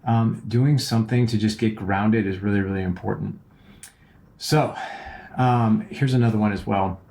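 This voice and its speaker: A man's voice: lowish voice, fairly even intonation, normal speed, gravelly, warm tone. A man hosting a podcast, giving casual relationship advice in an earnest, rambling way and often checking in with "right?". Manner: earnest, rambling, repeats words and keeps asking "right?". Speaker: podcast host and relationship coach.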